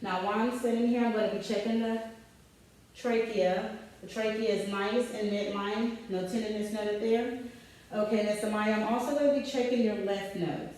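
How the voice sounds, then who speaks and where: A woman speaks at a middling pitch as she steps through a clinical exam and calmly reads out each finding. She gives short, polite instructions to the patient. Her voice bounces around a very echoey room and is picked up from a distance. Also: normal speed. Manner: methodical, calm, narrating findings aloud while instructing the patient. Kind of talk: narrated physical assessment demonstration.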